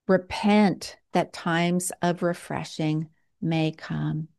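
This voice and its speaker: A woman preaching a sermon in a slow, earnest way, with dramatic pauses. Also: deep voice, fairly even intonation, gravelly, darkish tone.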